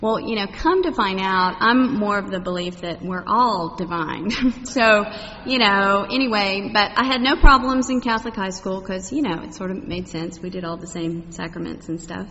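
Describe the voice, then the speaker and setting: A woman's voice: mid-range voice, normal speed, pushed and bright, slight background noise. A middle-aged woman from Texas, sharing her personal faith story with a congregation, rambling with many fillers and asides. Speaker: congregation member. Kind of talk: personal testimony talk. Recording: muffled echoey hall recording.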